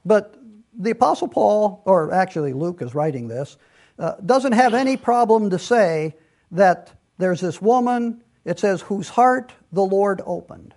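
A man gives an earnest, conversational Bible lesson in sermon form, restarting sentences often and slipping in asides. His voice is high-pitched and animated, with a measured pace and a darkish tone.

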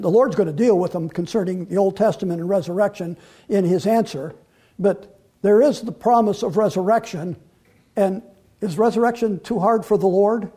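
Conversational preacher with a high, husky voice. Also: male voice, warm tone. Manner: conversational, with frequent restarts and fillers. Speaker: pastor. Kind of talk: sermon, verse-by-verse Bible teaching.

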